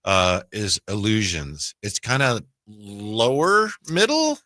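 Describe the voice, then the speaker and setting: A man's voice: fairly low pitch, very animated, takes it slowly, sharp tone, no echo, studio quality. A man co-hosting a sports card radio show, joking casually and answering in short replies. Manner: playful, brief back-channel replies. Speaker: radio co-host.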